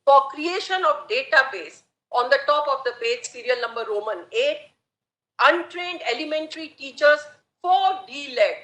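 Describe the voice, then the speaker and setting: A woman advocate with an Indian English accent making a formal, measured argument in court, deferentially addressing the bench. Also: high-pitched, animated, pushed and bright. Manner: measured, deferential, repeatedly saying "my lords". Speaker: advocate arguing a case. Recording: echoey courtroom audio.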